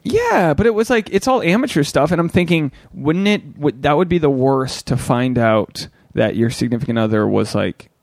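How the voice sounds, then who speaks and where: A man's voice: medium pitch, creaky, dry recording, studio quality. A young man co-hosting a casual podcast, rambling and crude as he tells stories and acts out quoted lines. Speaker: podcast co-host.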